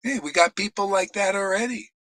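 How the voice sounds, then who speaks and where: A man preaching a confrontational, profane sermon, shouting challenges at his critics. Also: sits high, brisk, no echo, low-quality recording.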